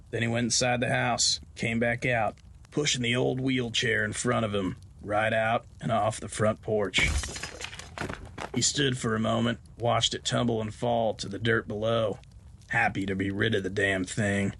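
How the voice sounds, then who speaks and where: A man's voice: on the low side, little pitch movement, moderate pace, fairly bright tone, husky. A man hosting a podcast of Western horror tales, narrating a story in a folksy, homespun way.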